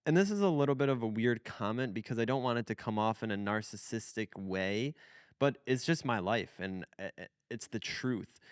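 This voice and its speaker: A man's voice: medium pitch, expressive, moderate pace, clean tone, no room sound, studio quality. A man in his twenties hosting a podcast in a casual, rambling chat, full of fillers and restarts. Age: 20s. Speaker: podcast host.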